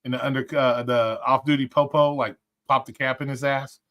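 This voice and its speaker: Male streamer, mid-pitched, rambling and profane, casual rant energy. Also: level tone, brisk, dull audio. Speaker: livestream host. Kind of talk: casual livestream commentary.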